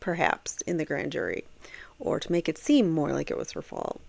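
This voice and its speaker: A woman with a lowish voice talks through a court case for her crime podcast. She is casual and chatty, with many fillers and restarts. The sound is close and dry, recorded at a home computer. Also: huge pitch swings, moderate pace, gravelly, a little mellow, no room sound. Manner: conversational, thinks aloud with many fillers. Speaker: true crime podcast host. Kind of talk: casual commentary on court testimony. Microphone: home computer setup.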